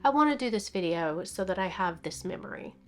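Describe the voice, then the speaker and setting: A woman's voice: on the low side, animated, fairly quick, faint music behind. A woman in her fifties talking in a personal vlog, teary and sniffling, laughing and crying at once and dropping into whispers. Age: 50s. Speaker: vlogger.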